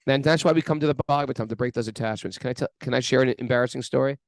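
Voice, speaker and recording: A man's voice: mid-range voice, racing, vocal fry, dry recording. A man co-hosting a spiritual podcast, telling a self-mocking story in a rambling, chatty way. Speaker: podcast co-host. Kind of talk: casual spiritual chat.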